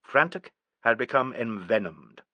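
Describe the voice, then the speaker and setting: A man reads an audiobook with steady, even storytelling. His voice sits at a middle pitch. The recording is close and dry, with no room sound. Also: a little slow, no room sound, muffled recording. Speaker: audiobook narrator. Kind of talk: scripted narration.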